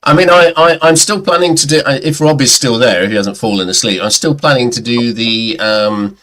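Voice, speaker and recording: A man's voice: mid-range voice, a little fast, fairly bright tone. A middle-aged man chatting casually on a livestream, telling rambling anecdotes and sometimes mimicking other people's voices. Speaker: guest. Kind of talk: casual chat about records. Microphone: webcam or computer mic on a livestream.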